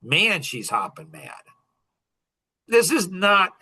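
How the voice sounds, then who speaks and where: A middle-aged man hosts a podcast and tells a personal story to a small circle. His voice is bright and forward and sits a little high. He talks with animated energy and breaks into short chuckles between points. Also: slow pace, breathy edge. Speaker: podcast host.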